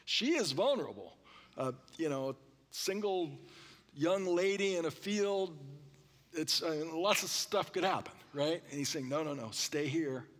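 A man preaching a sermon, explaining scripture and drawing calls of "amen" from the congregation, often clearing his throat. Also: a little high, expressive, measured pace, fairly bright tone, big-room sound. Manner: expository preaching with congregation call-and-response. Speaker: pastor.

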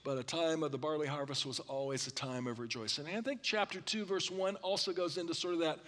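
A male pastor delivers an expository sermon with a somewhat high voice for a man. He keeps checking in with his listeners and often pauses to clear his throat. His words ring out with the long reverb of a church hall. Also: a bit bright. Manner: expository preaching with congregation call-and-response.

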